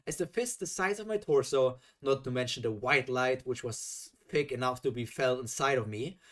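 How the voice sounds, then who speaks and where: Guy reading fanfic out loud on stream, animated, keeps getting exasperated. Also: mid-range voice. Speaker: reaction streamer. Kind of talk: reading a fan story aloud with live reactions.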